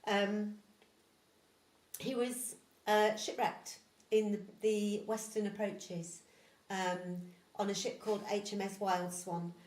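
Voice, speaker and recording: An older woman, a folk singer, softly introducing a song at a home concert with unhurried storytelling and fillers. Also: mid-range voice, little pitch movement. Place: home lounge. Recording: roomy echo with music.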